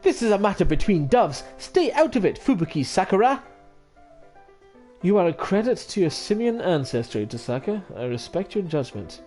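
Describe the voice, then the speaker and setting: A man voicing a haughty aristocratic young male dove, speaking slowly and coldly. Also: on the high side, very animated, mellow, faint music behind. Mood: disdainful. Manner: slow, cold, disdainful.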